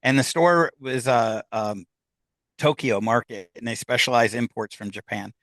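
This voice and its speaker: A man's voice: mid-range voice, normal speed, fairly bright tone, no echo. A middle-aged man telling a personal story as a podcast guest, candid and rambling, with lots of "uh" and "um.". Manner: candid, rambling, full of fillers.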